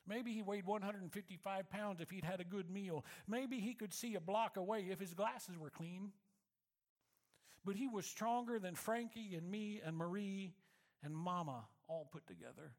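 A man speaking to his church, telling a personal story in a reflective manner that slows and softens for emphasis. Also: sits high. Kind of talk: storytelling sermon.

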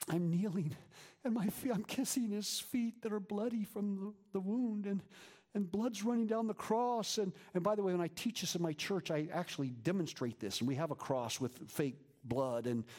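A man preaching a sermon as a pastor, moving between lively emphasis and hushed whispers. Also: a little high, gravelly. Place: church.

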